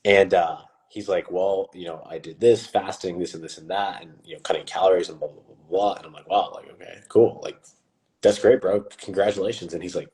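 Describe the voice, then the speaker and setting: Deep-voiced young man telling a story. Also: brisk. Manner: animated, acts out quotes with a rising voice. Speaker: fitness coach and host. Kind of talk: casual live-stream storytelling.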